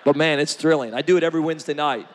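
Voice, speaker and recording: Male preacher, fairly high voice, animated and joking, heavy hall reverb. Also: rapid-fire, slight background noise. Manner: animated, joking, shifts from shouting to quiet. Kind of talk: energetic sermon.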